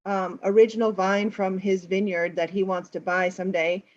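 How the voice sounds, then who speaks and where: Lively American woman, slightly dull sound. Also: mid-range voice, normal speed. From United States. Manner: lively storyteller, explains for learners. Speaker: English teacher, host. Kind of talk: casual chat retelling a film plot.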